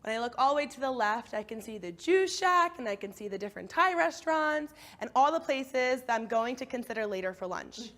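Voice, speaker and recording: A woman coach telling a personal story in an expressive talk, acting out her inner voices. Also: on the high side, brisk, hardly any pauses. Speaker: speaker, coach.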